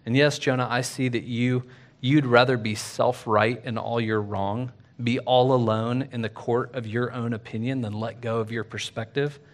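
A man voicing God as patient and compassionate, speaking gently and earnestly to a stubborn prophet. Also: medium pitch, steady tone, moderate pace, close to an everyday voice. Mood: gentle. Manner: gentle, earnest, plainly spoken.

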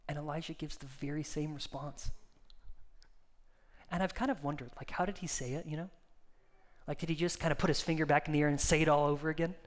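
Higher-voiced man preaching conversationally. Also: fairly even intonation, fast talker, long pauses, long reverb tail. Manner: conversational, acts out quotes with rising intensity. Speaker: pastor. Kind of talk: sermon.

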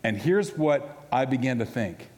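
Conversational preacher in a reverberant church hall. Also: male voice, medium pitch, lively intonation, a little slow. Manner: storytelling, conversational, swings between loud and hushed. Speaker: pastor. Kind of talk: sermon.

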